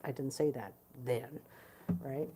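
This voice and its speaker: A woman's voice: extremely low pitch, steady tone, slow pace, dark tone, a little hiss or hum. A woman from Prince Edward Island candidly recounting a personal family story, reenacting conversations as she talks. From Prince Edward Island, Canada. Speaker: guitarist sharing a personal story.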